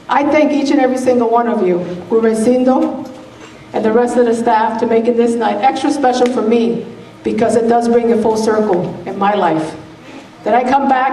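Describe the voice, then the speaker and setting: A woman's voice: fairly high pitch, mellow. A woman in her forties from Springfield, an Army officer and combat veteran, giving an earnest, emphatic gala speech. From Springfield, Massachusetts, USA. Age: 40s. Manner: earnest, emphatic, repeats phrases for weight. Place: large banquet hall. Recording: echoey hall, voice from far off, faint noise.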